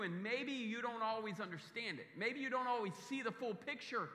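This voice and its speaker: A man's voice: very high voice, moderate pace, few pauses, sharp tone. A man preaching a sermon as pastor, earnest, often repeating words while he searches for the next one. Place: church sanctuary. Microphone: handheld or stage mic. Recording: echoey hall reverb.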